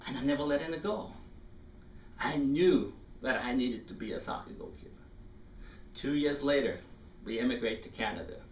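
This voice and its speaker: A man in his fifties from South Africa, telling a personal story to an audience in an animated way and acting out the voices. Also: medium pitch, normal speed, pauses often. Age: 50s. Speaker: speaker. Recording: echoey room, distant mic, faint noise.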